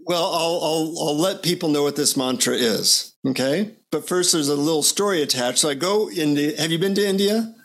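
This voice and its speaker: A man speaking as a guest over a video call, telling stories in an animated, relaxed, upbeat way. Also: on the high side, normal speed, few pauses. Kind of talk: casual conversational interview.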